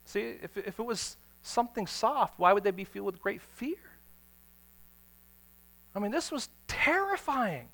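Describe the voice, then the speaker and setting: A man preaching a sermon, telling stories with dramatic swings between hushed, quiet passages and sudden shouts. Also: very high-pitched, animated, measured pace. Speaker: pastor.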